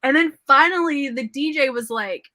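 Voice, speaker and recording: A woman's voice: sits high, moderate pace, pushed and bright, no room sound. A woman in her thirties hosting a casual writing livestream, chatty and nostalgic, laughing often. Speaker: livestream host.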